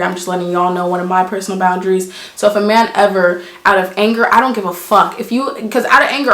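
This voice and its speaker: A woman vlogger with a medium-pitched, fairly bright voice talks casually to camera in a reverberant space. She gives blunt, emphatic relationship advice and drives her points home with examples.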